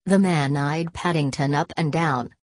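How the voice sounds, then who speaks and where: A woman reading a children's story aloud in a measured, expressive way. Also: deep voice, no echo. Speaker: audiobook reader. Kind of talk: storybook narration.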